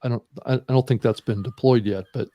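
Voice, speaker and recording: A man's voice: mid-range voice, steady tone, fast talker, no echo, muffled recording. Thoughtful man with a dry sound. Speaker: panelist. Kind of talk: casual panel chat.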